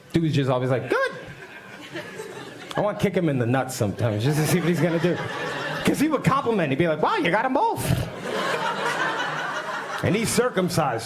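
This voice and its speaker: A man doing a stand-up comedy set with a rambling, dry delivery and quick asides. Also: medium pitch. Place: comedy stage. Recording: heavy background noise.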